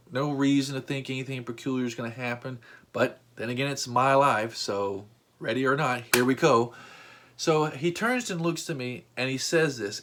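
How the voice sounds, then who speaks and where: A man's voice: mid-range voice, fairly bright tone. A man hosting a storytime vlog, telling an exasperating story with rising outbursts. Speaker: vlog host.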